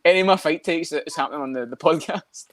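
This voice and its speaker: A man co-hosting a podcast, chatting fast and loose with lots of swearing and jokes. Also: on the high side, dry recording. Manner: fast, swearing banter, doing fighter impressions. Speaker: podcast co-host. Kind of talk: casual chat.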